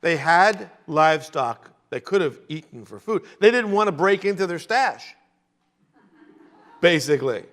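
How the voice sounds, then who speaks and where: A man teaching a verse-by-verse sermon, animated, with jokey asides. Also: fairly high pitch, measured pace. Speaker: Bible teacher.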